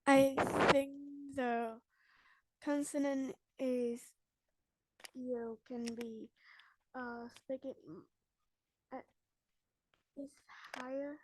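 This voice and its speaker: A woman speaking as a student in an online English lesson, halting and hesitant with long pauses. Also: sits high, fairly even intonation, a little hiss or hum, rough recording.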